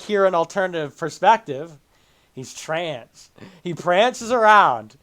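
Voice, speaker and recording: A man's voice: high voice, lively intonation, takes it slowly, sharp tone. A man hosting a livestream, ranting and mocking a video he is reacting to with laughter and exaggerated emphasis. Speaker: streamer host. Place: home streaming setup with green screen.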